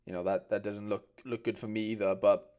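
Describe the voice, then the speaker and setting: A man's voice: fairly low pitch, little pitch movement, fairly quick, darkish tone, smooth. A man hosting a casual livestream, chatting with viewers and calling them mate. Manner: chatty, reads out viewer comments, calls people mate. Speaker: host.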